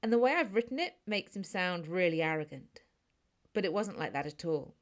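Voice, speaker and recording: A British woman narrates a first-person audiobook with a wry, snarky, chatty delivery. Her voice sits a little low and stays conversational, as if she were confiding in the listener. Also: animated, normal speed.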